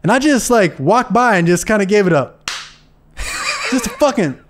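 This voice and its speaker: A man's voice: high-pitched, sing-song, normal speed, a little hiss or hum. A man co-hosting a podcast, trading crude comedic banter and slipping into silly voices and impressions. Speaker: podcast co-host.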